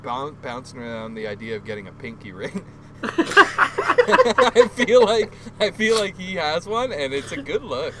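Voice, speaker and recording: A man's voice: a little high, wildly swooping pitch, measured pace, very noisy. A man in a casual podcast chat, joking and laughing often. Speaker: podcast co-host.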